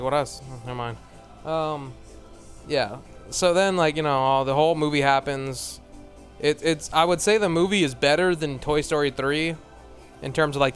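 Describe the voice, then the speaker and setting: Profane, rambling man ranting casually. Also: on the high side. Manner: profane, blunt, laughs often; trails off with fillers and mumbled asides. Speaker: vlogger.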